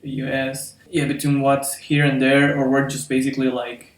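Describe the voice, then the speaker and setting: Low-voiced woman interviewer, hesitant, echoey room, set back from the mic. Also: flat delivery. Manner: hesitant, halting questions. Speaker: podcast host interviewer. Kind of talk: casual interview questions. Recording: roomy, echoey, mic at a distance.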